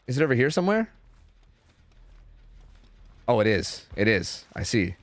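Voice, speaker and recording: A man streaming and casually commentating a competitive match, chatty and profane, thinking out loud. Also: mid-range voice, sing-song, measured pace.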